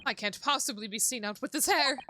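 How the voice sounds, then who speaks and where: A woman's voice: high voice, brisk, pitched above the performer's own voice, lightly acted. A woman voicing a haughty, aloof male detective who talks in a dry, dismissive way. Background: background music.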